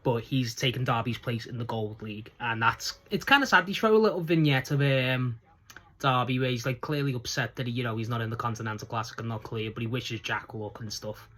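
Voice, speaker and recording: A man's voice: mid-range voice, brisk, fairly bright tone. A man giving a casual solo review recap, chatty and rambling, gushing enthusiastically and laughing as he goes. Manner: enthusiastic, gushing about favourites. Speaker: wrestling show reviewer.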